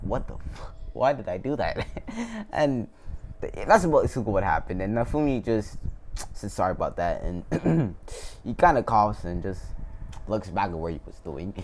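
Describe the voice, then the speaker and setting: Rambling man with a low, lively voice. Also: slight background noise. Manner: rambling, laughs often, restarts and corrects himself. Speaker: storyteller. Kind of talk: casual retelling of a fan story.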